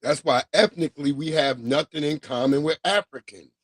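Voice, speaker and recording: A man's voice: on the high side, moderate pace, husky, no room sound, clean studio sound. A man hosting a livestream, talking loosely and offhandedly in slang to his viewers. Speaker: livestream host. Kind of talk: casual livestream chat.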